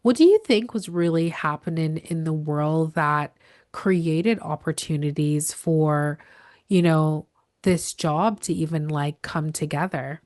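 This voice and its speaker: Slow-talking woman podcast host. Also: deep voice, a little mellow, dry recording, clean studio sound. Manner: encouraging, many backchannel "mm-hmm"s. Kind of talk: casual interview talk.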